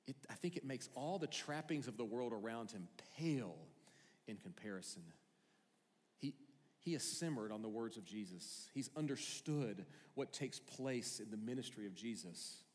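A male pastor preaching a sermon, earnest and conversational, with animated storytelling. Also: mid-range voice, moderate pace. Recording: long hall reverb, faint music.

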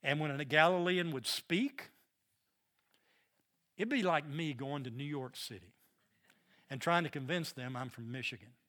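A man's voice: on the high side, measured pace, pauses often, fairly bright tone. A middle-aged man with a Southern American accent, teaching a Bible study lesson in an earnest, emphatic way and often repeating words.

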